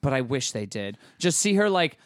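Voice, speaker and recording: A man co-hosting a podcast in casual chat, rambling and joking, quick to laugh. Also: medium pitch, very animated, dry recording, clean studio sound. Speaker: podcast co-host.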